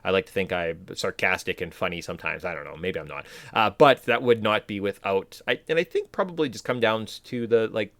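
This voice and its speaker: Male podcast co-host, low dry voice, rambling enthusiastic chat with fillers. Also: lively intonation, brisk, hardly any pauses, fairly bright tone, dry recording.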